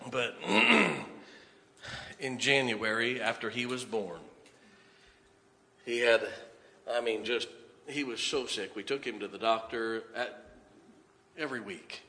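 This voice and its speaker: A preacher recounts a personal story from the pulpit, a man's voice bright and pushing forward. He tells it as a lively storyteller who laughs at his own tale. His words ring out with the long echo of a large hall. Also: medium pitch, slow, creaky, pauses often. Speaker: preacher giving a testimony.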